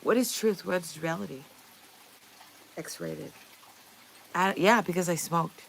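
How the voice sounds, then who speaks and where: A woman's voice: fairly low pitch, slow, gravelly, a little hiss or hum, poor audio. A woman livestreamer chatting casually with her viewers, reading their messages aloud, playful and often laughing.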